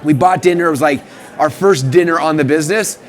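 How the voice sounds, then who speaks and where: A man in his thirties hosting a live stream, telling his story in a casual, eager, excitable way. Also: fairly high pitch, some chatter behind. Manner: eager, excitable, talks in rapid bursts.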